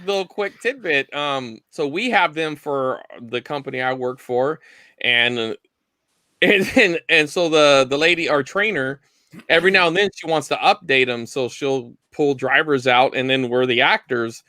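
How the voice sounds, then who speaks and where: A man in his thirties on a video call, telling a funny work story in a casual, animated way. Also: moderate pace, no echo. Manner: animated storyteller, jumps into high voices for quotes. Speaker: guest on live vinyl chat. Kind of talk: casual anecdote on a live stream.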